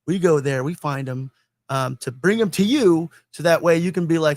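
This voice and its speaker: A man's voice: fairly high pitch, normal speed, no room sound. A man hosting a casual podcast chat, laughing often, rambling and swearing freely. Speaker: podcast host.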